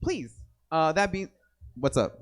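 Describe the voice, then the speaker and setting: A man's voice: on the high side, sing-song, takes it slowly. A young man emceeing a poetry slam in a loose, rambling, joking way, hyping the crowd. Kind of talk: casual emcee banter to a live crowd. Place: indoor poetry venue with audience.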